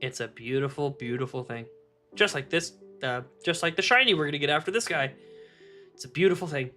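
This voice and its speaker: A young man streaming live, chatting casually to his viewers, animated, laughing often and swearing freely. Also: on the high side, brisk, soft background music.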